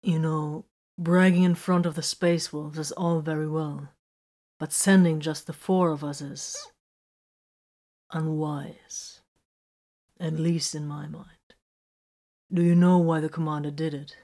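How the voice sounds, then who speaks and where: A careful, concerned male soldier sergeant from a sci-fi tale, speaking slowly and deliberately, as a woman reads him in a low, deep voice. He weighs each word. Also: level tone, dark tone. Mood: worried.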